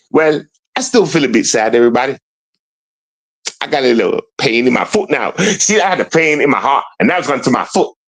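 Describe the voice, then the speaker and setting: A young man talks loosely to his livestream viewers, his pitch swinging up and down as he rambles. He plays at being sad and keeps calling out to everybody. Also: husky, low-quality recording. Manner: rambling, mock-sad, repeatedly addressing "everybody". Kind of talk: casual livestream chat to viewers.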